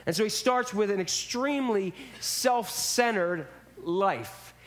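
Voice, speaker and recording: A man's voice: high voice, lively intonation, slow pace, fairly bright tone. A man preaching a sermon in a church, speaking casually and acting out quotes in character voices. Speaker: pastor.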